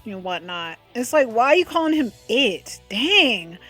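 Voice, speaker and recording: A woman's voice: a little high, very animated, a little slow, a bit bright, faint music behind. Gushing young woman vlogger. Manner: chatty, gushing, with lots of fillers. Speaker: webcomic recommender. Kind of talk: casual chat.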